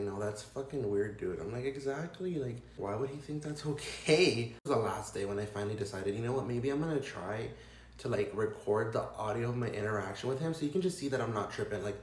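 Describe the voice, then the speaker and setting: A man's voice: medium pitch, a little mellow. Young guy ranting a storytime, swears a lot, fed up, kinda echoey room. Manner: profane, exasperated, rambling with many likes. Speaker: vlogger. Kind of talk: casual storytime rant.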